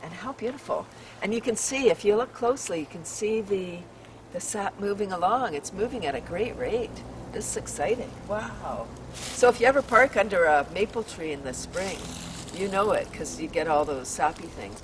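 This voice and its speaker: This host of a maple forest tour vlog has a mid-range, animated voice at a moderate pace. She bubbles with exclamations, laughs frequently, and leads breathing exercises, heard through a distant mic over a faint outdoor hum.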